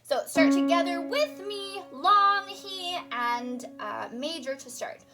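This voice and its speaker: A woman voice teacher leading a recorded singing lesson, cheerful and encouraging, singing short warm-up demonstrations. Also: very high-pitched, takes it slowly, over loud music.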